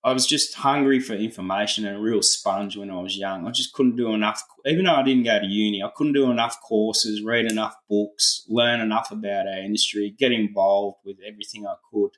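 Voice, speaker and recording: A middle-aged Australian farmer telling a laid-back story full of colloquial slang in a casual interview. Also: male voice, fairly low pitch, steady tone, a little fast, hardly any pauses, fairly bright tone, reverberant, low-quality recording. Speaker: farmer, podcast guest.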